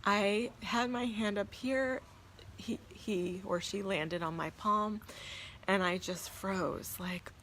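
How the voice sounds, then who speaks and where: A woman's voice: mid-range voice, takes it slowly, fairly bright tone, a little hiss or hum. A woman hosting a spiritual live stream, telling a personal story to viewers in an earnest, reverent, awed way and reading out their comments.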